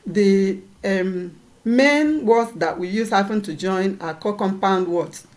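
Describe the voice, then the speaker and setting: A woman's voice: mid-range voice, slow pace, darkish tone. A woman teaching a lesson, patiently repeating points and checking that her students follow. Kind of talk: classroom lesson.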